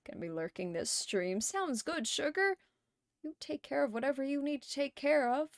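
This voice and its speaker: A woman's voice: sits high, expressive, normal speed, dry recording, clean studio sound. A woman hosting a livestream, chatting casually and reading viewer messages aloud, laughing often between lines. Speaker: livestream host.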